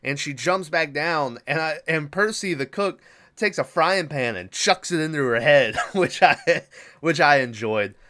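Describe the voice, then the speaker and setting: A man's voice: on the high side, animated, unhurried, bright, forceful tone. Profane rambling male podcast host. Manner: profane, rambling, with filler words. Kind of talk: casual movie recap.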